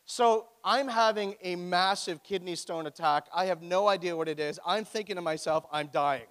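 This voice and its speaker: A man's voice: high voice, normal speed, fairly bright tone. A man preaching a sermon as pastor, with a joking, conversational storytelling manner. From Ontario, Canada. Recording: echoey hall.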